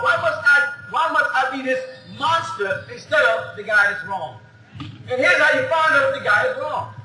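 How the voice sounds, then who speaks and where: Male lecturer, animated and argumentative, laughs often, recorded in a very echoey hall with faint background noise. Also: extremely high pitch. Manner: argumentative, heavy on rhetorical questions, laughs often. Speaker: lecturer answering audience questions. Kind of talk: animated public lecture to a live audience.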